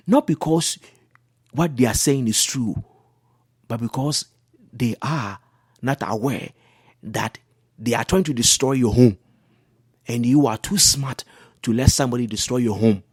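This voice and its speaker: A man's voice: medium pitch, slightly rough, no room sound, studio quality. A man, a pastor on a talk show, teaching about marriage in an earnest, repetitive preaching style.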